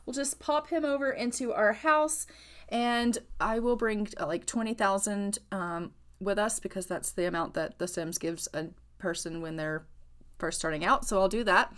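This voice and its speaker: A woman's voice: medium pitch, normal speed, a bit bright. A woman playing a life-sim game and commenting on it in a bubbly, gushing way. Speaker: gaming channel host. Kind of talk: let's play commentary.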